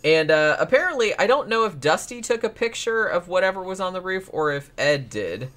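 A man's voice: high-pitched, sing-song, fairly quick, a bit bright. A man casually recapping a paranormal case as a podcast co-host, rambling, swearing freely and laughing often. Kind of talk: casual chat.

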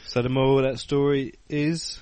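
A man's voice: mid-range voice, flat delivery, normal speed, darkish tone, smooth, no room sound. A man co-hosting a casual podcast, chipping in with jokes and short remarks. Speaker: podcast co-host. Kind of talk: casual chat.

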